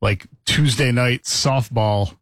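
A man's voice: medium pitch, slow pace, no room sound. A middle-aged man hosting a morning radio show, telling stories and laughing as he talks. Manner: storytelling, laughing often.

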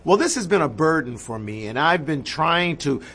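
A man's voice: on the high side, big pitch swings, moderate pace, a bit bright, husky. A man, a bishop, earnestly addressing listeners in a scripted book promotion.

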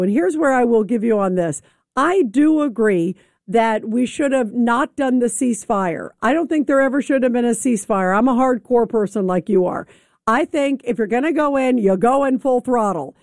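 An opinionated woman hosting a political call-in show, her voice pitched high. She speaks over callers with firm conviction, and the studio sound is dry and close. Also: expressive, normal speed, darkish tone, dry recording. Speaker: radio talk show host. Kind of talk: political call-in radio talk.

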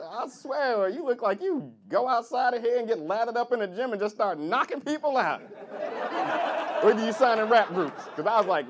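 A man doing stand-up crowd work on a comedy club stage, with loud, animated banter. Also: sits high, normal speed. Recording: live club recording with crowd. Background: audience laughter.

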